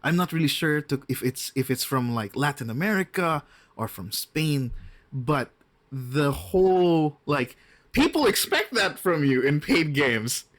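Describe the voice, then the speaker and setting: A man's voice: a little high, very animated, fairly bright tone. A man talking as a guest game master in a casual podcast interview, chatty, with many restarts and asides. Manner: chatty, frequent restarts and asides, slips into quick impressions.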